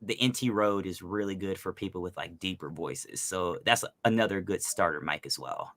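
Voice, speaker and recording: A man's voice: deep voice, normal speed, no echo. A man who is a voice actor, chatting casually and animatedly about his craft, with lots of fillers. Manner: animated, explains with many fillers. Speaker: voice actor guest. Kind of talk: casual podcast chat.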